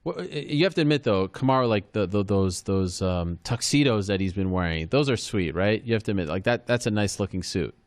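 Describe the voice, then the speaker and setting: A man's voice: fairly low pitch, animated, a little fast, few pauses, no echo. A man interviewing a fighter in a casual, teasing, laid-back way.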